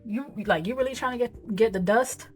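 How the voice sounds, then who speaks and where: A woman's voice: a little high, brisk, darkish tone, faint music behind, lightly acted. A woman voicing a sassy grown woman who teases her friend in a drawling way. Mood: teasing.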